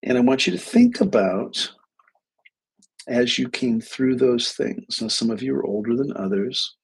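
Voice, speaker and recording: A man's voice: mid-range voice, sing-song, unhurried, gravelly, breathy edge, rough recording. A middle-aged man, a psychologist hosting a live stream, telling a story in a rambling, casual way full of restarts and quoted dialogue. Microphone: webcam or desk mic on a live stream.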